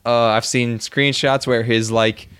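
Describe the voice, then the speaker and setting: A man's voice: mid-range voice, flat delivery, measured pace, fairly bright tone, smooth. Casual co-host, man, mid voice, mocking rambling movie rants, swears freely.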